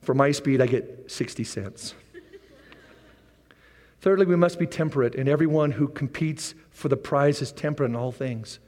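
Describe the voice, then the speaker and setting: A man preaching a sermon as pastor, animated, with repeated rallying phrases and joking asides. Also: medium pitch, normal speed. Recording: long reverb of a large hall.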